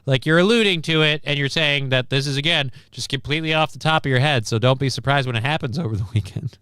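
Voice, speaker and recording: A man's voice: mid-range voice, fast talker, pushed and bright, clear, resonant tone, no room sound. A man hosting a casual live stream, rambling and wry with crude asides, reading out and thanking viewers. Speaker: stream host.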